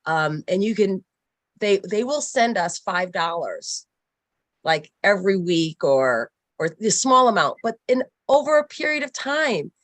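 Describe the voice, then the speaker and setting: A woman's voice: mid-range voice, sing-song, unhurried, fairly bright tone, dry recording. Woman, charity guest, heartfelt, faith-tinged, dry dead sound. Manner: heartfelt, churchy affirmations. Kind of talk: casual interview chat.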